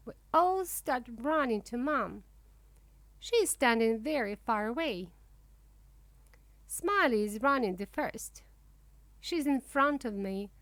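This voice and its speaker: Slow, expressive woman reading a storybook. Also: fairly high pitch, no echo. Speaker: audiobook narrator. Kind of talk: reading a children's book for English learners.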